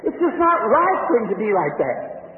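A man's voice: sits high, wildly swooping pitch, slight background noise, pitched above the performer's own voice. Preacher doing a repentant weeping woman, stammering; sermon story, distant echoey tinny tape. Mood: tearful. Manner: halting, stammering, tearful pleading. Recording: echoey hall from far off, tinny lo-fi.

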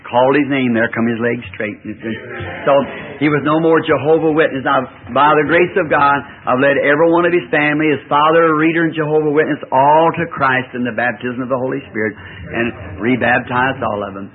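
A man's voice: mid-range voice, steady tone, fairly quick. A man, a preacher telling a rambling folksy story in a sermon. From the American South. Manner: folksy, rambling anecdotal delivery with chuckles. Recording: tinny old lo-fi recording.

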